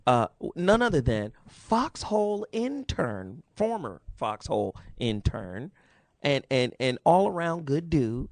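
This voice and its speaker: A man's voice: medium pitch, takes it slowly, no echo. A man in his forties hosting a radio talk show, telling a story with lots of laughter. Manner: animated storyteller, laughs often.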